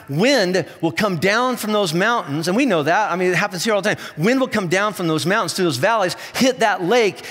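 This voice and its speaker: A man's voice: sits high, fairly bright tone. A man preaching a sermon, telling a story with playful asides and acting out voices. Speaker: pastor. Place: large church hall. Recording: church hall with long reverb.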